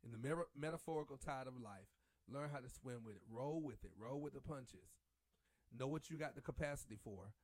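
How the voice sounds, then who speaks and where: Male host, high-pitched, lively and preachy, dry recording. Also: dry recording. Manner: animated, preachy, sings church lines. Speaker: podcast host. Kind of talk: casual chat.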